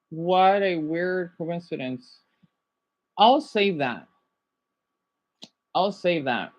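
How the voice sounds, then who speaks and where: A woman with an American accent, streaming and reacting to videos in a rambling, excitable chat with her viewers. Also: medium pitch, dull audio.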